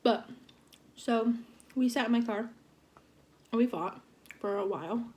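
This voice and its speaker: A young woman in her twenties telling a storytime vlog in an animated, exasperated way. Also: a little high, a little slow. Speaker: vlogger. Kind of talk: storytime vlog while eating.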